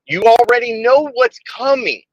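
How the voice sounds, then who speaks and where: A man's voice: very high voice, expressive, measured pace, dry recording, rough recording. A man in casual livestream chat, ranting emphatically with lots of swearing.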